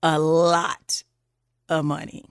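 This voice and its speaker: A woman with a lowish voice tells a history story on a podcast, chatty and animated, sprinkling in casual asides. The sound is dry and close, with no room around it. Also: slow, clear, resonant tone, no room sound. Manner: chatty, animated, says "girl" and "like".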